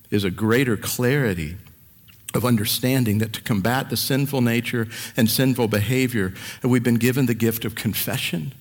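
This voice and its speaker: A male pastor preaching a sermon, asking his congregation questions and telling stories in an earnest manner. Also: medium pitch. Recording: echoey church hall.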